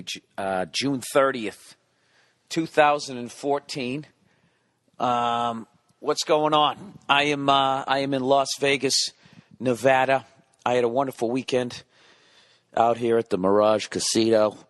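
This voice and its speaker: A man's voice: mid-range voice, a bit bright, dry recording, studio quality. A middle-aged man hosting a solo podcast, rambling in a profane, sarcastic rant. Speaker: podcast host.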